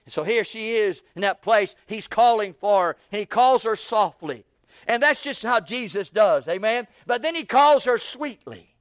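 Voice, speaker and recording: A man preaching an evening sermon in a folksy way, repeating words and building up to shouted questions. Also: high voice, lively intonation, moderate pace, dry recording, studio quality.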